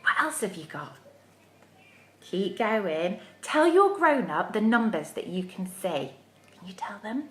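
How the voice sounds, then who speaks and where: A woman's voice: mid-range voice, very animated, measured pace, fairly bright tone, reverberant, slight background noise. A woman leading a live craft playalong for young children, encouraging and sing-song. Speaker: children's activity leader. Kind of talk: live interactive kids' playalong. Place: home room, livestream.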